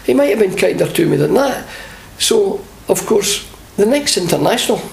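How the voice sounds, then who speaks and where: An older Scottish man, a former football manager, telling lively anecdotes in an interview and acting out the voices of the people in them. The sound is an echoey room with faint hiss. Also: sits high, normal speed, gravelly. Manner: animated storyteller, acts out quoted voices.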